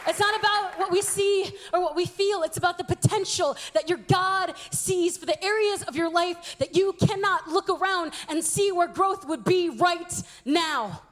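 A woman in her twenties giving an animated sermon, acting out the voices she quotes. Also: very high-pitched, moderate pace, few pauses, faint music behind, a faint crowd. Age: 20s.

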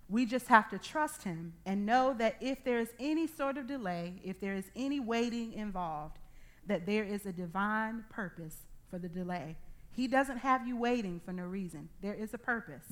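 Woman preaching with lively storytelling. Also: mid-range voice. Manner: animated storytelling, acting out dialogue. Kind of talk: sermon with personal testimony.

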